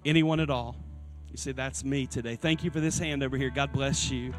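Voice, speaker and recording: A male pastor preaching a sermon in a church, earnest and repeating his key phrases, with soft instrumental music behind him. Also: mid-range voice, steady tone, a little fast. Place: church sanctuary.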